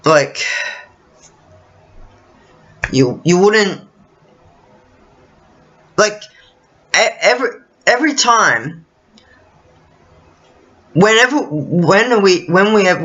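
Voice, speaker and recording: Brief: high-pitched Australian man, unhurried and bright-toned, swearing through a rambling rant. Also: animated, lo-fi sound. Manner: profane, rambling, frequent restarts and fillers. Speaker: vlogger. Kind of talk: casual ranting monologue.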